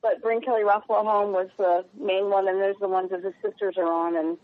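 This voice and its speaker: Woman, journalist guest, earnest, halting, heartfelt, tinny phone-line sound, mid pitch. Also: fairly even intonation, no room sound. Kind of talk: phone-in radio interview.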